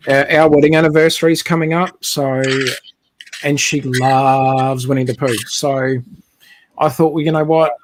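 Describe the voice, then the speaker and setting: A man's voice: medium pitch, slight background noise. A man telling a long, rambling story in casual chat, speaking over a video call.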